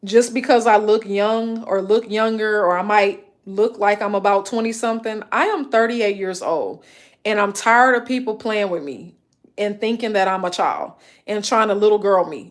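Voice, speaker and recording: A woman's voice: medium pitch, moderate pace. Blunt, emphatic woman in her thirties. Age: 30s. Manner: blunt, emphatic, repetitive listing. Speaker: livestreamer. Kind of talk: casual live-stream rant.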